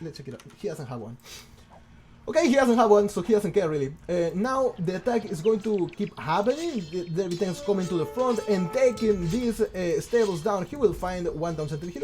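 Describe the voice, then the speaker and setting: A man casting a strategy game, excitable and stammering, firing off rhetorical questions. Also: high-pitched. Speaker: game commentator. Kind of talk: casual game commentary.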